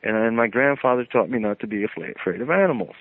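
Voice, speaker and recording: A man who is a radio guest, telling a personal story in an animated way and acting out the scenes. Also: mid-range voice, quick pace, dry recording. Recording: tinny phone line on the radio.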